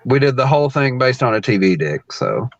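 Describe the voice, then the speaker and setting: A man's voice: mid-range voice, big pitch swings, a little fast, lo-fi sound. A man who is a wrestler, telling a story on a podcast as a guest, with lots of fillers and frequent laughs. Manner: laughs often, rambling with many fillers. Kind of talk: casual storytelling.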